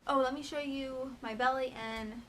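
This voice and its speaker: A pregnant young woman chats loosely about her week, her voice a bit higher than most. She rambles and fills the gaps with fillers, over a faint hiss of background noise. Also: steady tone, normal speed. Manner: chatty, rambling, with many fillers. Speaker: vlogger. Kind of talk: casual chat.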